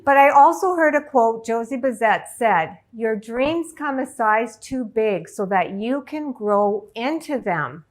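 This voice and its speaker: A woman's voice: a little high, animated. Emotional woman telling a personal story. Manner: emotional, halting, tearful at times. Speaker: life coach. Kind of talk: personal story talk to an audience.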